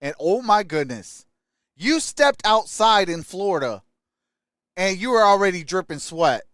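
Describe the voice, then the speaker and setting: A young adult man from Michigan hosting a casual sports live stream, greeting chat viewers by name with upbeat shout-outs. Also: high-pitched, animated, a little slow, no room sound, clean studio sound.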